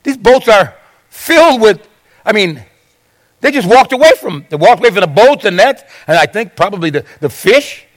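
A man's voice: high voice, big pitch swings, moderate pace. A man preaching a sermon as pastor, retelling scripture with dramatic storytelling and acted-out voices.

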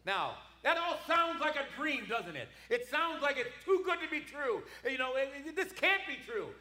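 A man's voice: extremely high pitch, very animated, moderate pace, sharp tone, echoey room. A man preaching a sermon, emphatic, repeating words and calling for responses from the congregation.

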